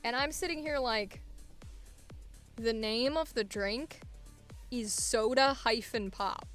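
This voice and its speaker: A woman voice actor in casual chat, her voice pitched a bit high. She rambles along, laughs often and fills her pauses, with faint music underneath. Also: fairly bright tone. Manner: rambling, chatty, laughs often, many fillers. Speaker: voice actor host.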